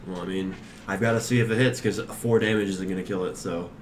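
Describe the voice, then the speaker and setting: Very deep-voiced man playing a tabletop game. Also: steady tone, fast, a little hiss or hum. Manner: hesitant, full of "like" and "I mean". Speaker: player. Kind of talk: casual chat at a game table.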